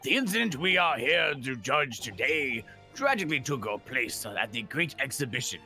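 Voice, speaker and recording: A man voicing a pompous old courtroom judge with a stately, drawn-out delivery, in a fan dub of a game. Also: mid-range voice, big pitch swings, pushed and bright, faint music behind, full character voice.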